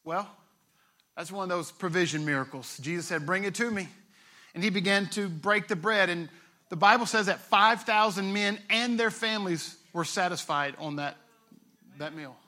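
A man's voice: high-pitched, moderate pace, sharp tone. A male pastor, preaching a sermon in a conversational way, retelling scripture with playful asides.

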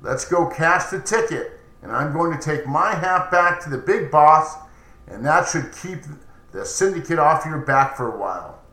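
A man's voice: on the high side, animated, moderate pace, pushed and bright. A man voicing a menacing male mob loan shark who speaks bluntly and threateningly. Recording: roomy echoey recording.

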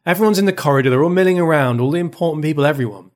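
A man co-hosting a relaxed book chat, with a fairly high voice. He retells the plot in a chatty, easygoing way. He fills his talk with little pauses and fillers. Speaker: podcast co-host. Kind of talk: casual book discussion.

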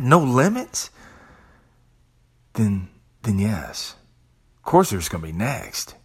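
A man's voice: medium pitch, husky. A man hosting a podcast, giving a profane, preachy motivational monologue. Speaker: podcast host.

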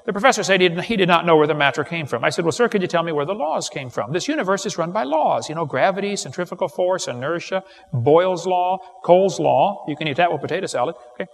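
A middle-aged man giving a live seminar lecture, telling folksy stories and firing off quick jokes to a live audience. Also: a little high, animated, creaky. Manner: folksy, wisecracking, quick storytelling with punchlines. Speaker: creation seminar speaker. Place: large hall with live audience. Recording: live recording in a reverberant hall.

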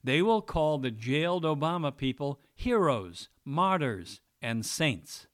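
A man's voice: fairly high pitch, big pitch swings, slow pace, fairly bright tone. A man giving a mocking, sarcastic opinion monologue as a political commentator.

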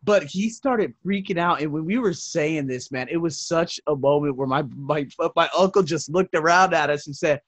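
A man hosting a self-help podcast, telling casual stories with swearing and laughter, swinging between loud and soft. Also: a little high, expressive, moderate pace, no echo. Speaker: podcast host. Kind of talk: casual storytelling monologue.

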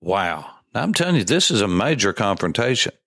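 A man's voice: on the low side, big pitch swings, fairly quick, a bit bright, no echo, clean studio sound. A man preaching a sermon, reading scripture aloud and commenting with emphatic, rising insistence.

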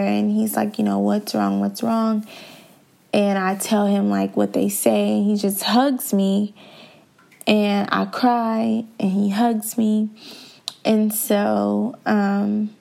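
A woman's voice: medium pitch, creaky, darkish tone. A young woman hosting a podcast, candidly telling a personal story in a conversational way and talking straight to her listeners. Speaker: podcast host.

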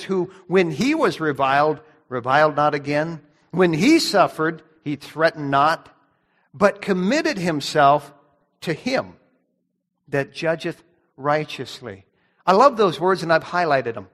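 High-voiced man preaching in a reverberant church. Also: a bit bright. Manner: emphatic preaching with rhetorical questions. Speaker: pastor. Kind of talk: sermon.

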